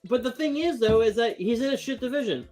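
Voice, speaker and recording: A man co-hosting a casual sports podcast, excitable and rambling, often laughing. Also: extremely high pitch, fast talker, soft background music. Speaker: podcast co-host.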